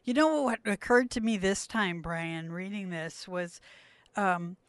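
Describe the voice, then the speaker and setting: A woman at a middle pitch talks through a Bible story on a podcast and wonders aloud about what the people in it were thinking. She sounds casual and reflective. The recording is dry and close to the mic. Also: a little slow, no echo. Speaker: podcast co-host. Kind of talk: casual Bible study chat.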